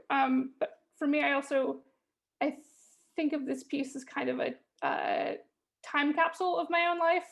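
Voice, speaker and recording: A woman in her late twenties who stutters, speaking thoughtfully with soft fillers and repeated words. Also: high-pitched, creaky. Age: late 20s. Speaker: poet and speaker. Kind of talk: reflective talk at an online event.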